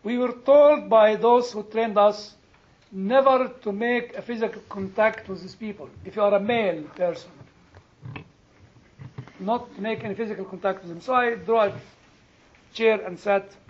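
A man, a chaplain, giving an earnest sermon and telling personal stories, leaning hard on some words and letting quieter phrases trail off. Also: sits high, moderate pace. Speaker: chaplain and preacher. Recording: dull lo-fi recording.

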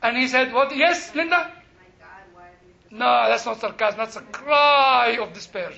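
Man, very high voice, Bible study teacher, animated, jokey, dull lo-fi recording. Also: unhurried, gravelly. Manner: animated, jokey, quizzes the class. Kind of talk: interactive class teaching. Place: classroom with a group.

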